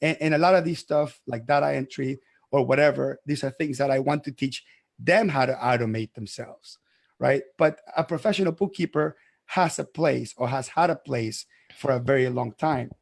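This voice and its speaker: A man's voice: mid-range voice, normal speed, gravelly. A man who grew up abroad, an accountant hosting a podcast, arguing his point emphatically and stumbling over restarts. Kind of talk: heated podcast debate.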